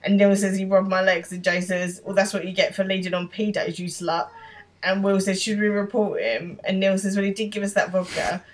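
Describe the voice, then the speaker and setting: A woman's voice: mid-range voice, steady tone. A woman co-hosting a podcast, casually narrating a TV episode's plot and quoting the characters. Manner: narrates plot quickly, quoting lines, with laughs. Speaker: podcast co-host. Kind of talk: casual recap chat.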